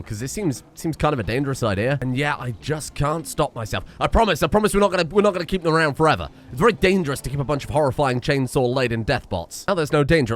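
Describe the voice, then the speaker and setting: A man giving casual gameplay commentary, excitable and often laughing, talking to the characters on screen. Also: medium pitch. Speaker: gaming video creator.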